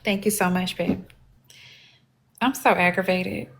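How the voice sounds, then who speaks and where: A woman's voice: fairly low pitch, fairly even intonation, unhurried, vocal fry, fairly bright tone. A woman hosting a live stream, talking casually in a blunt, profane and aggravated way. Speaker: livestream host.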